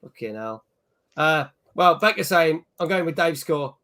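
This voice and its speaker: A man's voice: fairly high pitch, expressive, a little slow, sharp tone. A man hosting a casual gaming chat show, reading out viewer messages and scores. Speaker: podcast host.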